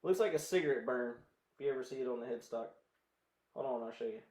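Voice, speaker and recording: A man's voice: mid-range voice, quick pace, darkish tone. A man with a Southern American accent chatting in a rambling way to viewers while he restrings a guitar. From southern United States. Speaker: guitar vlogger.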